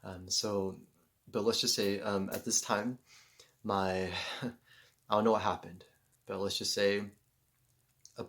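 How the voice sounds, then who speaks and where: A man telling a personal story in a casual, rambling way, full of fillers and loud acted-out exclamations. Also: fairly low pitch, level tone, takes it slowly, long pauses. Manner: acts out moments with loud shouted exclamations.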